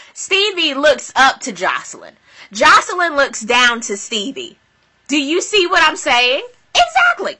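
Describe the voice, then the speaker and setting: Woman, sassy vlogger, bright voice, very animated pitch, dramatic quotes. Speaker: vlogger recapping a reality show. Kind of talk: casual commentary.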